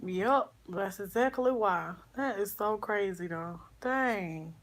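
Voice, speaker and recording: A woman vlogger chatting with her viewers in a halting, grieving way, sighing often and calling them y'all. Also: medium pitch. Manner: soft, grieving, subdued. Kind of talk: casual livestream chat with viewers.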